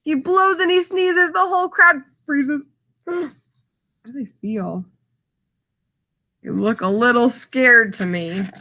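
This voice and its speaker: With a mid-range voice, a woman reads aloud from a picture book for children. She breaks off now and then to define words plainly and livens things up with asides and sound effects.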